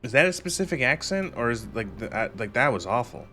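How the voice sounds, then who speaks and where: A man's voice: medium pitch, very animated, fast, pushed and bright, soft background music. A man streaming a game and commenting casually, rambling, laughing often and swearing.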